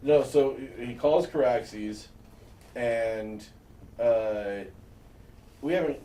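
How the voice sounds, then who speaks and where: A man's voice: mid-range voice, very slow, mellow. A man in laid-back podcast chat, recapping a TV episode with swearing and personal anecdotes. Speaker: podcast co-host. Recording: echoey room, mic at a distance, faint noise.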